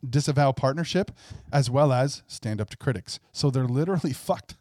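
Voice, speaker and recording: A man's voice: medium pitch, expressive, normal speed, a little mellow, dry recording, clean studio sound. A man co-hosting a casual podcast, reading a letter aloud with mocking commentary. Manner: reads a corporate letter aloud in a mock voice. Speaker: podcast co-host.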